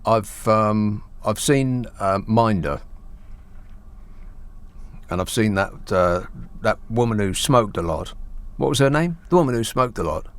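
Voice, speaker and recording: A man hosting a talk radio show, bantering in a sarcastic, deadpan way. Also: on the low side, measured pace, smooth. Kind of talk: solo talk radio chat.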